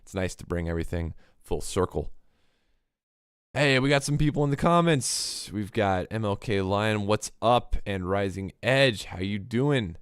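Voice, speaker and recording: Low-voiced man teaching music on livestream. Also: animated, measured pace, clear, resonant tone, no echo, studio quality. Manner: explanatory, mimics hi-hat rhythms with clipped mouth sounds. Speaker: livestream host. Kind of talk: casual livestream music lesson.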